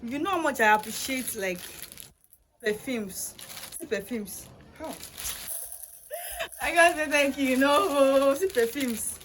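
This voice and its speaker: A young woman with a fairly high voice gushes her way through a casual vlog. She exclaims and laughs often as she talks to her viewers. The phone recording at home carries a clear layer of background noise. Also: slow pace, long pauses. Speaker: vlogger unboxing birthday gifts. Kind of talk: excited casual chat to camera.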